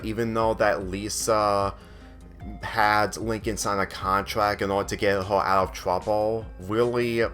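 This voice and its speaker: A man's voice: on the low side, fairly bright tone. A man giving a rambling cartoon review commentary, circling back on the same phrases. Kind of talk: spoken video commentary.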